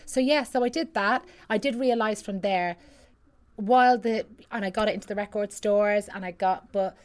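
A woman's voice: mid-range voice, normal speed. A middle-aged Irish woman, a singer guest, telling rambling stories in casual chat with lots of restarts. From Ireland. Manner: chatty, rambling storyteller with many restarts.

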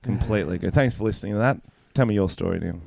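Low-voiced Australian comedian, swearing freely. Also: male voice, very fast, vocal fry, dry recording, studio quality. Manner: profane, animated storyteller acting out exchanges. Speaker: stand-up comedian and podcast co-host. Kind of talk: casual podcast chat.

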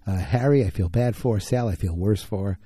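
A man's voice: lowish voice, moderate pace, dark tone, husky, dry recording. A man casually recapping a TV episode in a rambling, conversational way, acting out the characters' lines.

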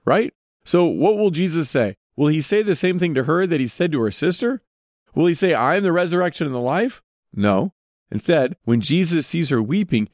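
A man's voice: a little high, a little mellow, no room sound, studio quality. Earnest man giving devotional Bible teaching. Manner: earnest, asks listeners direct questions.

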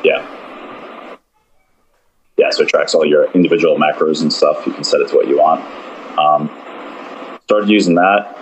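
A man's voice: a bass voice, steady tone, moderate pace, long pauses, slight background noise, low-quality recording. A man who is a podcast guest, chatting in a loose, rambling way with lots of fillers. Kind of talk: casual chat.

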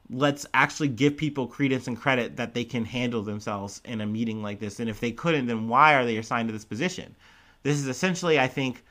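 Guy rambling thru a story, lots of likes and ums, casual vlog talk. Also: medium pitch. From United States. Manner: rambling, filler-heavy, animated retelling. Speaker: commentator.

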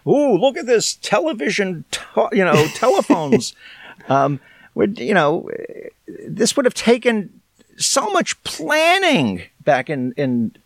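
An American man, a broadcasting veteran, telling stories as a guest in rambling, animated fashion. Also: high-pitched, takes it slowly, no echo, clean studio sound. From United States. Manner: rambling, animated storytelling with chuckles. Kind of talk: casual interview chat.

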